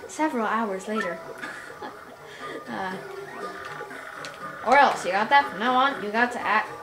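A cranky old tribal elder, as a woman puts her on, barks orders and grumbles in a fairly high voice. She scolds, forgets things and bosses the young ones around. Game music plays in a roomy space behind her. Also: measured pace. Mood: scolding.

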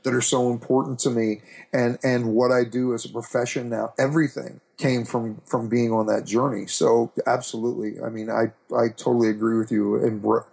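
Middle-aged male guest, gravelly fry in the voice, earnest and reflective, restarts a lot. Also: mid-range voice, flat delivery, moderate pace, darkish tone. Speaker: podcast guest. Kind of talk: candid storytelling interview.

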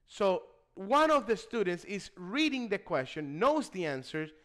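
High voiced guy teaching nursing test prep, emphatic, keeps asking okay?. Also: very animated, a little slow, fairly bright tone. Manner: emphatic, checks in with the listener with "okay?". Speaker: nursing exam tutor. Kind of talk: instructional video lesson.

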